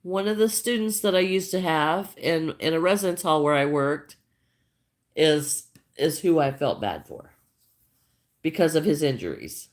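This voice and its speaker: Older lady doing a craft livestream, kinda low voice, chatty, says hi to everyone. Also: animated, measured pace. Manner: chatty, greets viewers by name, repeats herself. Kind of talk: casual livestream chat while crocheting.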